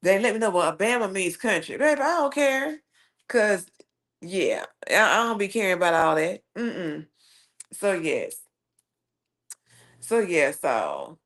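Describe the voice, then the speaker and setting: Livestream host: woman with a Southern accent, sassy and animated, mid-range pitch, chatting off the cuff. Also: measured pace, pauses often. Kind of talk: casual livestream chat, reading viewer comments.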